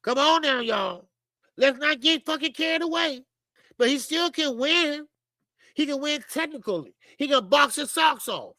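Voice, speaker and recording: A woman's voice: high voice, lively intonation, unhurried, bright, forceful tone, no echo, poor audio. A woman hosting a boxing channel, giving a blunt, profane, opinionated monologue straight to her viewers. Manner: blunt, profane, rhetorical, talks to viewers as y'all.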